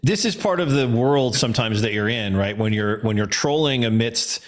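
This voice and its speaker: A man's voice: mid-range voice, animated, normal speed. A man hosting a casual chat, laughing and exclaiming a lot, then explaining things at length. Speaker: podcast host.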